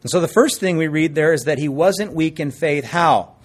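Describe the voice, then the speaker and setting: Man preaching a lively sermon. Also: on the high side, moderate pace. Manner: lively, joking with the congregation. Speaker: pastor. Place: church service before a congregation.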